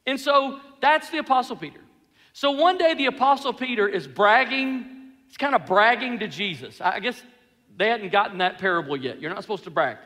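High-voiced man preaching in a reverberant hall. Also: normal speed. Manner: animated storytelling, self-deprecating humor. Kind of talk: sermon.

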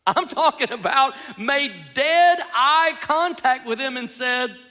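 A man preaching a sermon, telling the story in an animated way with self-deprecating humor, in a large hall. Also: extremely high pitch, slow pace. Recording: reverberant hall.

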